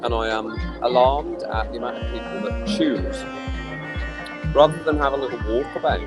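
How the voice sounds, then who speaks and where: Tipsy guy ranting on a phone live stream at a pool bar, all worked up, clear music going behind him. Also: mid-range voice, moderate pace, poor audio. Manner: ranting, exasperated, rambling. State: tipsy from drinking. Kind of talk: casual live-stream rant. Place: outdoor poolside bar in the sun. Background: music playing.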